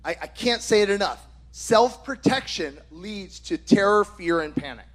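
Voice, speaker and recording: A middle-aged man preaching a sermon with impassioned exhortations, rising to shouts. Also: high voice, animated, normal speed.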